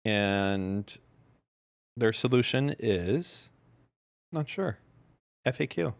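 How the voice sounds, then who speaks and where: A man's voice: fairly low pitch, expressive, drawn-out words, creaky. A man hosting a casual podcast chat, blunt and sarcastic in his remarks. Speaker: podcast host.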